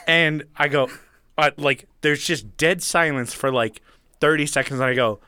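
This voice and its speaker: A man's voice: fairly high pitch, moderate pace, clear, resonant tone, no room sound. A young man hosting a podcast, telling stories casually with sarcasm and swearing. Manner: sarcastic, swearing, animated storyteller. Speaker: podcast host. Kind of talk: casual chat, storytelling.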